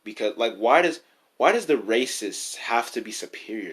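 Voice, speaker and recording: A young man speaking into his camera in an off-the-cuff vlog. His voice sits at a middling pitch, and his talk is loose and full of slang. He drifts and rambles, then turns heated and emphatic as he gets worked up. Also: lively intonation, normal speed, fairly bright tone, husky. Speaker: vlogger. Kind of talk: casual opinion vlog to camera.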